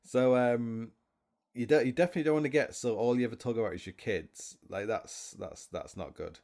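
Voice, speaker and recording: A man's voice: mid-range voice, fairly quick, creaky, darkish tone. A man hosting a podcast alone, rambling through stories with many restarts and self-mocking asides. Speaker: podcast host. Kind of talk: rambling solo chat.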